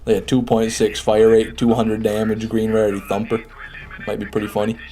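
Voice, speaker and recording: A man's voice: fairly low pitch, monotone, a little fast, warm tone. A man chatting casually over live gameplay, reading and answering viewer messages as he plays. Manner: chatty, reads and answers chat. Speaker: streamer.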